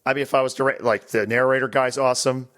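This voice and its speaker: A man's voice: medium pitch, quick pace. Chatty man hosting a podcast. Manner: animated, breaks into mock voices and laughs. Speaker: podcast host. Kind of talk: casual chat.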